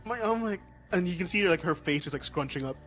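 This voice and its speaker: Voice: medium pitch, lively intonation, fast talker, a bit bright, soft background music. A game master narrating a tabletop game in a casual way, full of likes and ums. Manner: casual, filler-heavy narration.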